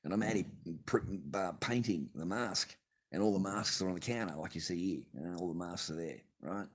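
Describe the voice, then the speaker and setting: An Australian man, speaking low-pitched and a little fast, vlogs from his home garage. His casual, profane rant to camera wanders through a swear-heavy story punctuated by bursts of laughter.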